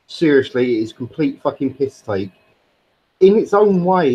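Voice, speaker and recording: A man's voice: mid-range voice, a little mellow, slightly rough. Supportive man on dull voice chat. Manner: agreeable, supportive, casual swearing. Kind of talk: casual chat.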